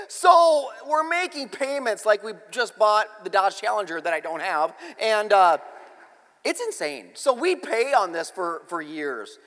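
A middle-aged pastor preaches in a church, his voice extremely high-pitched at a normal speed and echoing through a large hall. He tells a funny family story in an animated, exclaiming way, joking with his congregation and poking fun at himself.

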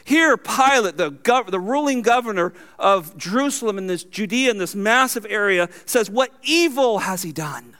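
A man with a notably high voice delivers a sermon as pastor. He reads scripture aloud and swings between raised, emphatic lines and low, quiet asides. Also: expressive, moderate pace, hardly any pauses.

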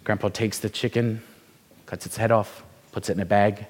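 A man's voice: fairly low pitch, little pitch movement, moderate pace. A man preaching a sermon, telling a story and asking the congregation rhetorical questions in a conversational way. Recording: reverberant hall.

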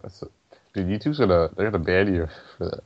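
A man co-hosting a podcast, teasing his friend with deadpan jokes. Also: sits low, quick pace, no room sound, highs cut off. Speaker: podcast co-host. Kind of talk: casual joking chat.

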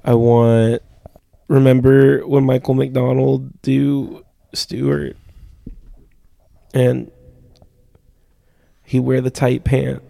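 A man co-hosting a podcast, rambling through absurd comedic bits with animated voices. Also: mid-range voice, drawn-out words, creaky, pauses often, no echo. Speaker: podcast co-host. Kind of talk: comedic riffing chat.

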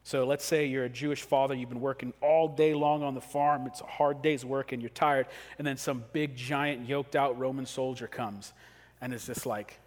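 A man preaching a sermon as pastor, talking casually and acting out quick everyday scenes. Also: mid-range voice, fairly even intonation. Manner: conversational, acts out quick scenes. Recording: long hall reverb.

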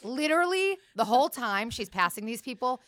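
Woman co-host, casual podcast chat, animated teasing storyteller with heavy swearing, dry close sound. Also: on the high side, fairly quick, no echo.

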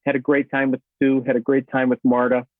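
A man's voice: medium pitch, monotone, brisk, dry recording. Rambling man on a tinny phone line. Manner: rambling, many fillers and restarts. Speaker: actor guest. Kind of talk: casual interview.

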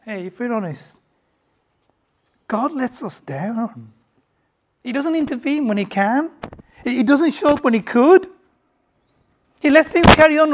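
A woman preaching a sermon in a conversational way, asking many rhetorical questions and swinging from hushed to loud. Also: high-pitched. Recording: heavy background noise.

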